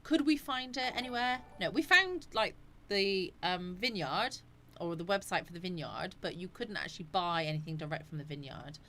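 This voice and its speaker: A woman's voice: on the low side, expressive, normal speed, bright, forceful tone, slight background noise. A woman hosting a casual live chat, rambling and answering viewers' comments. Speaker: live stream host.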